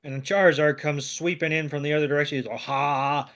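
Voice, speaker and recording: A man co-hosting a podcast, recapping a cartoon episode in relaxed, rambling casual chat with many fillers. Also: on the high side, rapid-fire. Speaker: podcast co-host.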